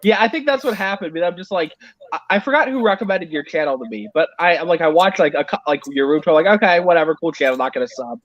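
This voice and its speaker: A man's voice: high-pitched, fast, fairly bright tone, no echo, lo-fi sound. A man chatting casually on a stream, rambling and teasing himself with lots of fillers. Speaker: stream guest. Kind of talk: casual chat.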